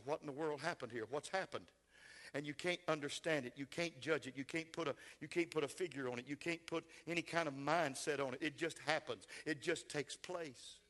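A pastor preaching a sermon in a church, swinging from shouted, impassioned lines to quiet, tender ones. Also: male voice, on the high side, gravelly. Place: church sanctuary.

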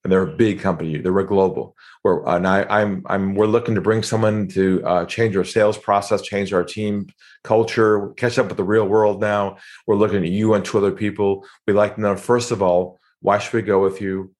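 A man with a fairly low voice talks as a guest on a podcast. He tells a sales story and acts out the phone calls in shifting voices. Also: little pitch movement, moderate pace, a little mellow. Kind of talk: storytelling interview talk.

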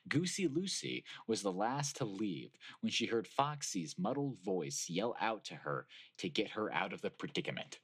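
A man's voice: on the low side, moderate pace, few pauses, breathy edge. A man co-hosting a podcast, reading fan fiction aloud and joking around. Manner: lively, jokey. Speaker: podcast co-host.

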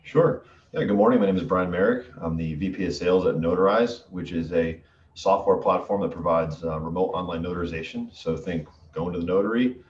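A man in his early forties from Western Massachusetts with a mild New England accent, chatting as a podcast guest, relaxed with lots of ums and restarts. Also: low voice, fairly quick. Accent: Connecticut-like neutral New England. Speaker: guest, sales executive. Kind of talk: casual interview chat. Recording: muffled, roomy, distant from mic.

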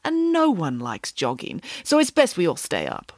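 A woman's voice: lowish voice, huge pitch swings, normal speed, no room sound, clean studio sound. A woman voicing a grand, bossy, greedy female pig nanny who speaks emphatically and theatrically. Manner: emphatic, theatrical and self-assured.

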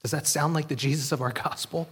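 A man's voice: a little high, fairly even intonation, quick pace, a bit bright, husky. A male pastor giving an earnest, conversational sermon and often checking in with the congregation.

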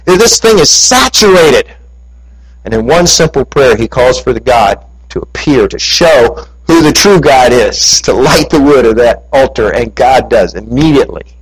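A man preaching a sermon, retelling a scripture story and reading passages aloud with lively emphasis. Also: mid-range voice, a little slow, husky, poor audio.

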